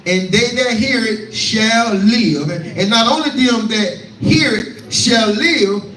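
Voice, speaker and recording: A man's voice: high-pitched, takes it slowly, a bit bright. A man preaching a scripture teaching, repeating lines and calling out to his listeners. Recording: echoey room, voice from far off.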